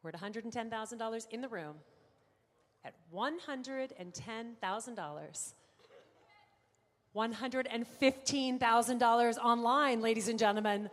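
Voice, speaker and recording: A woman auctioneer runs a live car sale, rattling off figures and teasing bidders between calls. Her voice rings out in a large room with a long trailing reverb. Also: fairly high pitch. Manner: brisk bid-calling with playful asides to bidders.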